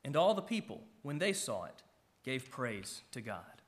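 A middle-aged pastor, preaching a sermon, with emphatic rises and soft drops. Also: male voice, medium pitch, big pitch swings, unhurried.

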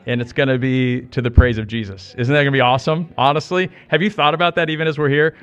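A middle-aged American man preaching a sermon, animated, repeating phrases for emphasis and joking with the congregation. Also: mid-range voice, quick pace, clear, resonant tone. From United States. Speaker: pastor.

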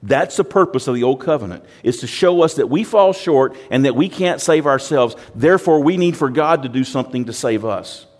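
A man's voice: mid-range voice, animated, fairly quick, hardly any pauses. A male pastor preaching a sermon in a plain-spoken way, often repeating words and acting out quoted voices.

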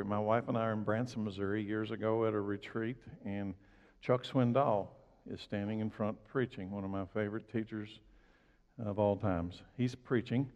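A male pastor giving a conversational sermon, telling stories and rising and falling sharply as he preaches. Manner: conversational, storytelling preacher with big swings in pitch and loudness. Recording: dull recording with long hall reverb.

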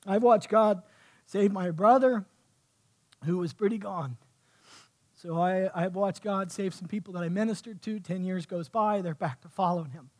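Man, pastor, fervent sermon, high-pitched voice, soft to shouting. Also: moderate pace. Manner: impassioned preaching, swinging from soft to shouting. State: sweating. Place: church.

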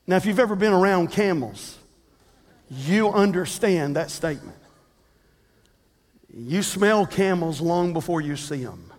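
A man preaching a sermon as a pastor, telling a story in a lively way with humorous asides. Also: sits high, measured pace, long pauses. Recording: long reverb of a large hall.

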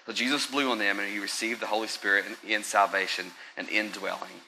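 A man preaching a conversational sermon, often checking in with the congregation and swinging between soft, slow passages and loud, excited ones. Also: fairly low pitch, creaky, a little hiss or hum, low-quality recording. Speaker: pastor.

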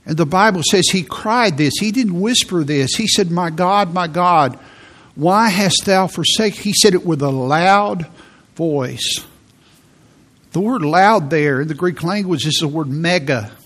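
A male pastor delivers a sermon at an unhurried, deliberate pace. His voice sits slightly high for a man, and he speaks earnestly, restating words as he works through his point. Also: fairly bright tone. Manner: earnest, repeats words while preaching.

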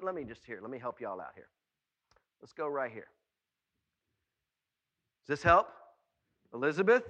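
A man preaching a sermon, animated, often calling out questions to his listeners and acting out the voices of people in his story. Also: on the high side, muffled recording.

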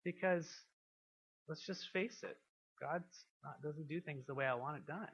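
A man preaching a sermon to a congregation. He asks them questions and swings from quiet, intimate passages to loud, emphatic ones. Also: fairly high pitch, unhurried, breathy edge, dull audio. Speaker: pastor.

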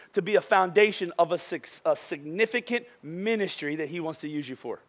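High-voiced pastor with a tiring voice. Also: male voice. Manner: joking, storytelling delivery that drops soft and slow for serious points. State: voice wearing out from a long day of preaching. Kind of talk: sermon.

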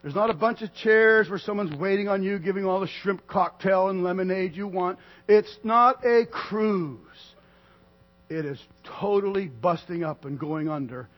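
A man preaching a sermon to a congregation, swinging from loud declarations to quiet asides. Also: high-pitched, moderate pace, muffled recording. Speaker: pastor.

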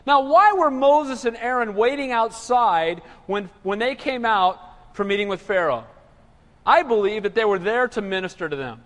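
High-voiced preacher in a reverberant hall. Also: male voice, moderate pace. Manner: animated, call-and-response preaching. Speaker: pastor. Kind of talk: sermon.

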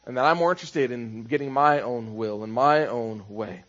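A man's voice: mid-range voice, normal speed, a bit bright, dull audio. A man preaching a sermon as pastor, conversational, building into rhythmic repeated phrases.

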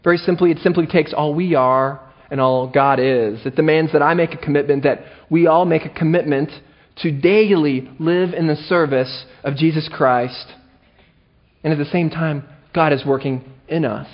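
A male pastor preaches in a fairly high voice, animated and playful, breaking into self-mocking asides. The recording is dull and lo-fi, with a muffled top end. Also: moderate pace. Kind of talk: sermon.

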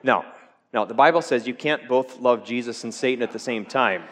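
A man preaching a sermon to his church, joking with the congregation and swinging from loud peaks to hushed lines. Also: medium pitch, normal speed, big-room sound, a little hiss or hum. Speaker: pastor.

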